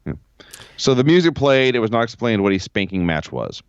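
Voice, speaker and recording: A man's voice: medium pitch, sing-song, fairly quick, smooth, no room sound, highs cut off. A man co-hosting a podcast, recapping old shows in a dry play-by-play way from home over a remote call. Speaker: podcast co-host. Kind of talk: casual recap chat.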